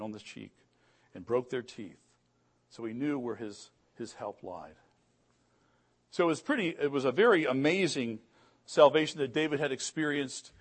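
A middle-aged pastor with a mid-range voice preaches a sermon earnestly. He often repeats words and rises in emphasis on key phrases.

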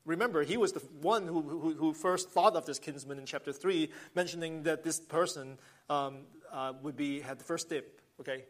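A man's voice: a little high, normal speed, a bit bright. A man preaching a sermon, earnest, swelling with emphasis and often restarting phrases. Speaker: pastor.

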